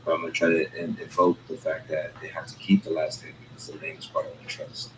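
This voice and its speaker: A man's voice: rumbling low, completely flat delivery, quick pace, background noise. A man hosting a casual chat, rambling and streetwise, talking in loose asides.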